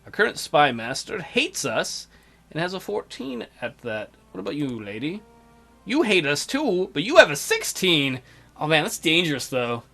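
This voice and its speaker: A man's voice: on the high side, very animated, moderate pace, sharp tone, soft background music. A man hosting a strategy game let's play with casual, crude, joking commentary.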